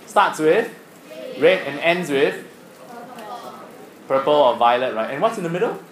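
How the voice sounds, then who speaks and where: A man's voice: on the high side, animated, measured pace, roomy sound, poor audio. A man teaching science to a class, asking questions and teasing students. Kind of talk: classroom lesson.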